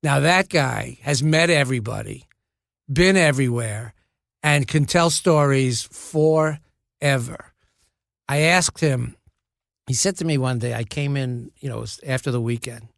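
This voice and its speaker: A man's voice: medium pitch, a little slow, creaky, fairly bright tone, no room sound, clean studio sound. An older man, an actor and podcast guest, telling rambling, amused anecdotes. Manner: rambling storyteller, fond and amused. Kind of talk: conversational anecdotes.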